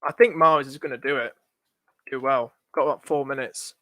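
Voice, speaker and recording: A man's voice: medium pitch, steady tone, brisk, sharp tone, no echo, clean studio sound. A young man on a live stream, thinking aloud in a chatty, anxious way and talking to his viewers. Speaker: fantasy football streamer.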